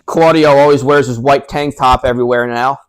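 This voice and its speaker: A man's voice: medium pitch, steady tone, a little fast. A young man co-hosting a podcast, giving short, easygoing replies in casual chat. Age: young adult. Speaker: podcast co-host.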